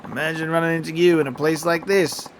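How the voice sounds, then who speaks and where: A man voicing a gruff, threatening loan shark in a video game. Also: on the high side, fairly even intonation, fairly quick, slight background noise, lightly acted. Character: pushy male loan shark thug.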